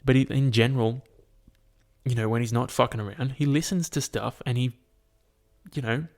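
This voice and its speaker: A man's voice: medium pitch, normal speed. A man hosting a solo podcast, ranting and telling stories with heavy swearing and constant "like" fillers. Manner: animated storytelling to the listener. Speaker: podcast host.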